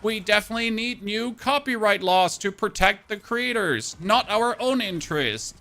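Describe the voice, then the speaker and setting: A man putting on a mocking voice of an alarmist male news pundit, shrill and exaggerated. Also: expressive, normal speed, pushed and bright, full character voice.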